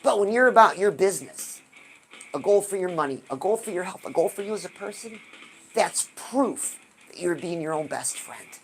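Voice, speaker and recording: A woman hosting a live stream, giving an animated motivational talk and asking her viewers rhetorical questions. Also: lowish voice, moderate pace, faint music behind. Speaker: livestream host.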